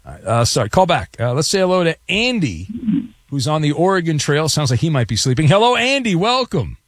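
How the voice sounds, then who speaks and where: A man hosts a sports call-in radio show with a slightly high voice that swings up and down a lot. He jokes and needles his callers sarcastically. The studio sound is dry and close. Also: sing-song, fairly quick, no room sound. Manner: wisecracking, sarcastic. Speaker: radio sports talk host.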